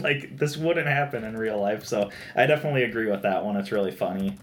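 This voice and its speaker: A man's voice: mid-range voice, quick pace, hardly any pauses. Young male co-host, casual chat, chatty, laughs a lot, fillers. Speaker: podcast co-host. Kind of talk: casual chat about movie tropes.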